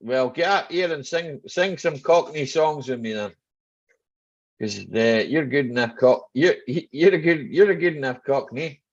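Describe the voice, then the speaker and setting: Middle-aged Scottish man, gravelly and unhurried, hosts a chatty home live stream; dull lo-fi sound. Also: medium pitch, expressive. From Scotland. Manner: chatty, joking, greets viewers by name. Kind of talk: casual live chat reading viewer comments.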